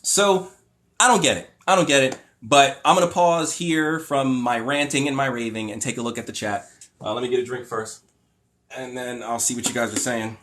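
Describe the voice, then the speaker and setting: A man's voice: mid-range voice, steady tone, moderate pace, fairly bright tone, a little hiss or hum. A man hosting a livestream, reading passages aloud and ranting about them with sarcastic, exasperated, profane commentary. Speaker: livestream host. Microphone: phone or webcam mic.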